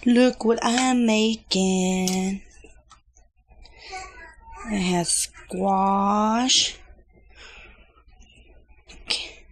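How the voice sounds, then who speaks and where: A woman's voice: medium pitch, steady tone, drawn-out words, pauses often, background noise. A young woman, a mother, chatting casually through a home vlog update in her kitchen, rambling with lots of fillers and restarts.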